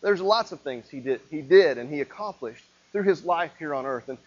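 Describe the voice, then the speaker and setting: A man's voice: a little high, animated, moderate pace, dull audio. A male pastor preaching a sermon in a conversational way, often repeating and restarting his words.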